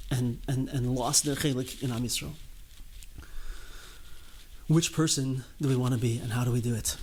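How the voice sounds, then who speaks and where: A man's voice: medium pitch, a little hiss or hum, rough recording. A man giving a sermon as a rabbi, earnest and emphatic, repeating phrases as he builds his point.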